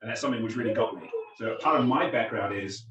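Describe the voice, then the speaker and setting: A man's voice: fairly low pitch, quick pace, background noise. A man in his forties with an English-tinged accent, giving a chatty, self-deprecating public talk as a visiting physics lecturer. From New Zealand. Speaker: guest speaker, physics lecturer. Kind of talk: public talk to a community gathering. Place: meeting house. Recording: roomy hall, distant mic.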